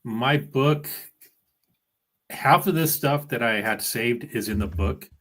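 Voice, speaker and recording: Easygoing man, halting speech. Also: medium pitch. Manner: relaxed, halting, with many fillers. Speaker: guest. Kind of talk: casual conversation.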